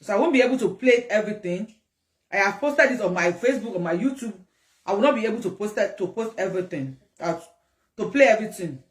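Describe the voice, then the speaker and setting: A woman with a Nigerian accent giving lively, rambling commentary, often repeating herself. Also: medium pitch, quick pace. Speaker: commentator host. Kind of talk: casual commentary mixing English and Yoruba. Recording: distant echoey room.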